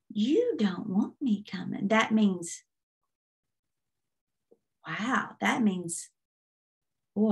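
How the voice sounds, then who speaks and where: A woman's voice: medium pitch, vocal fry. A woman minister giving an earnest testimony, retelling a dream vividly in a sermon. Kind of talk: sermon storytelling.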